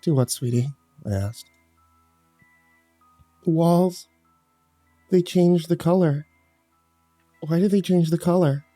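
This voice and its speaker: Dark-voiced male horror narrator. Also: mid-range voice, no room sound. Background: faint music.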